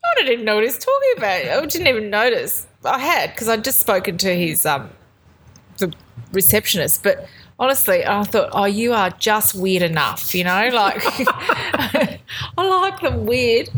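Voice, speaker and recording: A woman's voice: medium pitch, sing-song, measured pace, a bit bright, slight background noise, poor audio. A woman co-hosting a podcast in casual chat, telling stories with lots of laughter. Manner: chatty storyteller, laughs often, acts out quoted voices. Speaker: podcast co-host.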